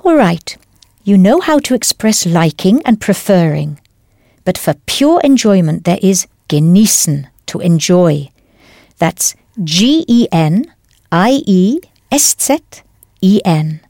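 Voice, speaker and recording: A woman teaching a language lesson in a clear, patient, encouraging scripted voice. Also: on the low side, very animated, slow, mellow, dry recording, clean studio sound.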